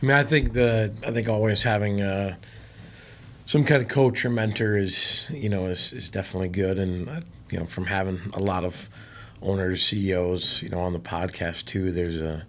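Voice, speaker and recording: Deep-voiced podcast host. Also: male voice, steady tone, normal speed, a little hiss or hum. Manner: brief affirmations, loose follow-up questions. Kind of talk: casual interview.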